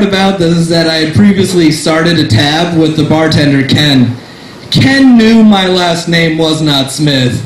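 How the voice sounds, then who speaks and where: A young man performs stand-up in a small cafe, his voice a touch high as he rambles through a story. He keeps restarting and filling gaps with "like" and "uh". The room is echoey, with faint background noise. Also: a little slow. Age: young adult. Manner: rambling, self-deprecating, many fillers and restarts. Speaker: stand-up comedian. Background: audience laughter.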